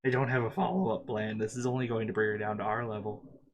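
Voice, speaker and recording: A man playing a tabletop game, deadpan as he plans out loud. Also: lowish voice, fast, muffled recording, noisy background. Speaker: player.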